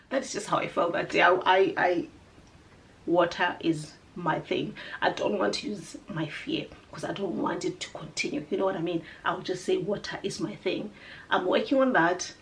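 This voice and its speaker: A South African woman whose first language is Sepedi tells a personal travel story in casual chat. She is animated, swings from loud exclamations to hushed asides, and slips into Sepedi mid-sentence. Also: lowish voice, moderate pace. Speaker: vlogger telling a personal story.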